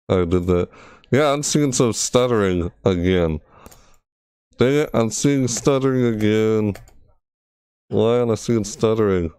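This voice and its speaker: This gaming streamer has a low, dark, clean voice, captured at studio quality with no room sound. Streaming from his computer in casual commentary, he thinks aloud with frustration, talks to his chat, and repeats words over and over as he tests things.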